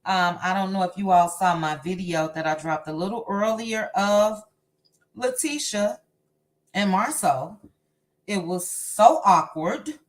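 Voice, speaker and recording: A woman hosts a casual live stream, calling out viewers' names one by one in a slow, easygoing rhythm. Her voice sits at a middle pitch, friendly and chatty. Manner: unhurried, warm greetings to chat viewers by name. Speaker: livestream host.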